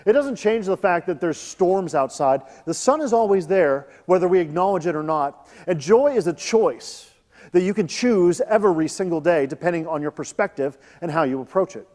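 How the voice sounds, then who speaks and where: A male pastor, likely in his thirties, giving a sermon in a church, reading scripture and talking in a relaxed, conversational way with joking asides. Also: high voice, moderate pace. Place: church hall. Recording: long reverb of a large hall.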